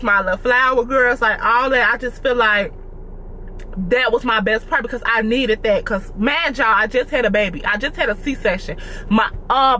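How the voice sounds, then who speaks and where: A woman's voice: a little high, sharp tone, slight background noise. A young woman chatting casually to her viewers, calling them y'all. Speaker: vlogger. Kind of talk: casual mukbang chat to viewers.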